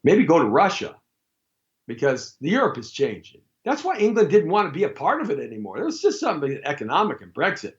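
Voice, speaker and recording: A man hosting a live talk show, rambling through a jokey monologue with sudden loud outbursts. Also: a little high, huge pitch swings, a little fast, lo-fi sound.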